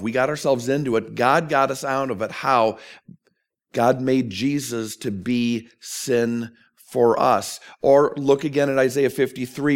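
A man preaching a sermon as a pastor, earnest and emphatic, asking questions of his listeners. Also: mid-range voice.

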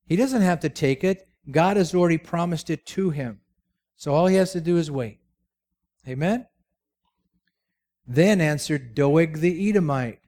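A man's voice: a little high, moderate pace, darkish tone. A man preaching a sermon, telling the story with jokes and rhetorical questions. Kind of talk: sermon with humorous asides.

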